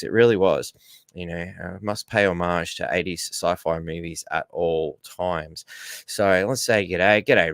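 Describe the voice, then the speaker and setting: An Australian man hosts a casual livestream in a low, fairly bright voice, recorded in studio quality with no room sound. He rambles, reads out viewer comments and greets the chat with g'day and mate.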